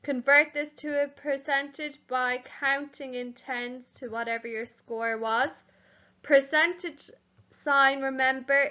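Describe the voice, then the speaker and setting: A woman primary school teacher giving a home learning lesson, spelling words out slowly letter by letter. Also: sits high, bright, forceful tone, highs cut off.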